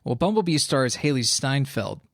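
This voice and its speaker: A man's voice: medium pitch, lively intonation, normal speed, dry recording, clean studio sound. A man co-hosting a film podcast, recommending movies in an enthusiastic, casual way. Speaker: podcast co-host. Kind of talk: casual film review chat.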